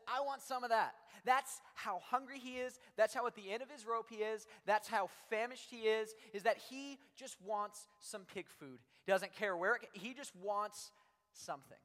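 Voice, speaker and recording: In a big room with long hall reverb, a young adult youth pastor delivers a sermon to a youth crowd, animated and conversational, leaning heavily on "like." He speaks at normal speed in a high, slightly bright voice.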